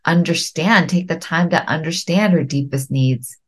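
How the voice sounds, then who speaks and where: A middle-aged woman hosting a podcast, giving earnest, gentle coaching and slowing down to stress key words. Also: low-pitched, slightly rough. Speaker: podcast host.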